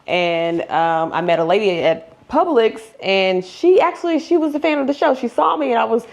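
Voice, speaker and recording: A woman's voice: on the high side, lively intonation, normal speed, gravelly. A woman, hosting a casual cooking vlog in her home kitchen, chatty and candid. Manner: chatty, candid, laughs often. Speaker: YouTube cooking channel host.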